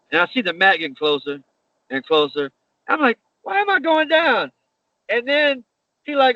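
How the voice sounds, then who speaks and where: Male wrestler guest, bright, punchy voice, animated storyteller, dry slightly muffled audio. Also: on the high side, dry recording. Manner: animated, laughing, swears casually. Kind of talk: casual storytelling interview.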